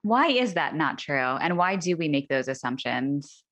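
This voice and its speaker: A woman host asks her guest questions. She sounds friendly and eager, with a lowish but very bright, sharp tone. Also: big pitch swings, unhurried. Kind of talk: interview questions.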